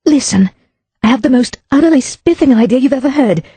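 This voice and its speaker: A woman narrator voicing a quick-witted young woman sleuth, brisk and persuasive. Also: high voice, expressive, mellow, breathy edge, no echo, voice pushed up, full character voice. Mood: eager.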